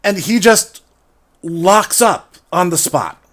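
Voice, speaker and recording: A man's voice: high voice, animated, takes it slowly, fairly bright tone. A man who ran a tabletop game casually retells how the session went, rambling, laughing and correcting himself. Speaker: game master retelling a campaign. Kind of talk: casual storytelling.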